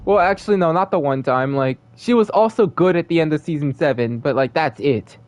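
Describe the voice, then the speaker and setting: A man streaming a game live, chatting casually and rambling in an excitable, gushing way. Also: a little high, brisk, no room sound.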